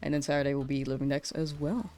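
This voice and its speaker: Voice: mid-range voice, flat delivery, quick pace, a little mellow, soft background music. A game streamer at the end of a long live stream, tired and rambling, often correcting themselves and laughing, talking close to the mic. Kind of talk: casual live-stream chat. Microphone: close to the mouth.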